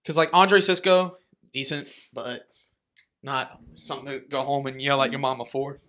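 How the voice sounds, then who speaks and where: A young man co-hosting a sports podcast, swearing a lot, laughing and mimicking fans in sudden loud bursts. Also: mid-range voice, steady tone, normal speed. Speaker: podcast co-host. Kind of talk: casual sports chat.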